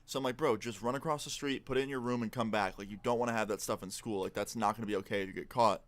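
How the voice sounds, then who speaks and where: A man's voice: on the low side, racing. A young man telling a casual, rambling personal story while gaming, with lots of "like". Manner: rambling, relaxed, heavy use of "like". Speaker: gaming video narrator. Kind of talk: casual storytime over gameplay.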